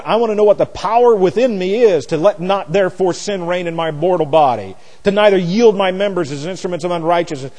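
This is a man giving an expository Bible lesson. He speaks in a slightly higher, mellow voice, repeats and restarts phrases for emphasis, and drifts off the mic now and then. A long reverb from the hall hangs behind him. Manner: emphatic, repeats words, self-corrects. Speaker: preacher teaching scripture. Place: classroom or church with a board.

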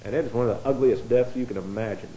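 A man preaching a sermon as pastor, blunt and digressive, with many restarts and swings from quiet asides to loud emphatic lines. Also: medium pitch, fast talker. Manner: blunt, digressive, with frequent restarts and a dry chuckle. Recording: echoey room.

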